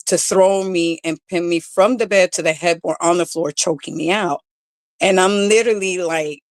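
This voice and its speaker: A woman's voice: on the low side, no echo. A middle-aged woman, a domestic violence coach, telling her own hard story as a guest in an interview, candid and emotional with many fillers. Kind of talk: personal testimony in an interview.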